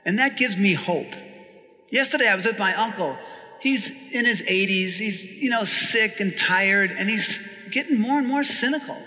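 Male priest, chatty homily style, high bright voice, long reverb on the recording. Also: moderate pace. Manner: chatty and animated, laughing often, asking listeners "right?". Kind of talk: conversational sermon.

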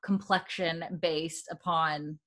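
A woman's voice: low-pitched, steady tone, takes it slowly, fairly bright tone. A woman hosting a casual chat, recapping a TV episode in a rambling way with many fillers.

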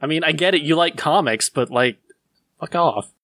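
A man's voice: on the high side, moderate pace, a bit bright, no echo. A man co-hosting a podcast, making blunt, exasperated comments in casual chat.

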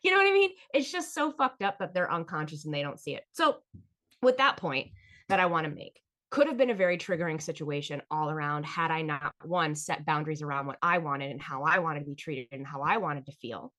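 A woman with a slightly low-pitched voice tells personal stories on her own podcast. She is blunt and swears freely. She keeps the talk animated and speaks straight to her listeners. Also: brisk. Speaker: podcast host. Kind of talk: candid solo storytelling.

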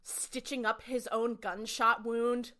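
A woman's voice: on the high side, little pitch movement, slow, a bit bright. A woman podcast co-host casually recapping a TV episode, chatty and full of "like" fillers.

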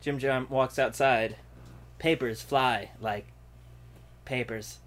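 A man's voice: medium pitch, steady tone, slow, a bit bright. A man narrating an improvised comedy scene, often breaking into laughter.

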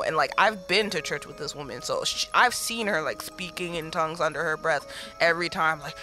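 Animated woman telling a story. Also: low voice, a little fast, soft background music. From United States. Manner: animated storyteller, acts out quotes. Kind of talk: casual group chat storytelling.

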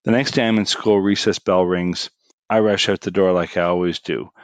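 A middle-aged man recounts a story in a fairly low voice, casual and animated, pushing his voice up as it builds to the punchlines. The sound is dry and close, with no room around it. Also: moderate pace, no echo.

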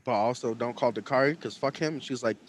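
A man's voice: medium pitch, fast talker, a little hiss or hum. A young man co-hosting a podcast, telling stories in casual chat and acting out the people in them. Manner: animated, acts out quotes with big swings in voice. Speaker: podcast co-host.

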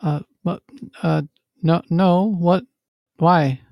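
A man voicing a nervous, evasive male ship crewman who talks haltingly with many fillers. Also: medium pitch, steady tone, no room sound, dull audio. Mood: flustered.

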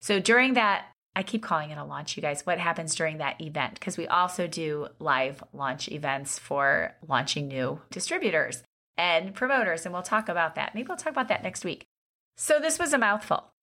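Upbeat woman coach, kinda low voice, pumps up her team and plays out little sales chats. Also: moderate pace. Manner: energetic, addresses listeners as "you guys", acts out sample sales conversations. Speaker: network marketing coach. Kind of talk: motivational coaching talk.

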